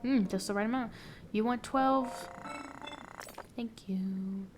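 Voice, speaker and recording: A woman gaming streamer giving excitable let's play commentary with playful trash talk. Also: on the high side, takes it slowly, music in the background.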